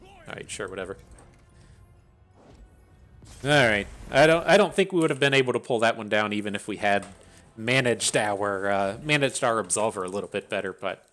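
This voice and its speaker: Guy w a lowish voice narrating his card game, swears a lot, grumbles and laughs. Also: normal speed, pauses often, fairly bright tone, faint music behind. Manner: swears freely, thinks aloud, laughs and grumbles. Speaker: gameplay commentator. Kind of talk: casual gameplay commentary.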